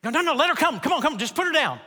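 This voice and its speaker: Preacher doing a desperate man hunting his lost dog, urgent, bright, echoing hall. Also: high-pitched, animated, moderate pace. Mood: insistent. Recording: long reverb of a large hall.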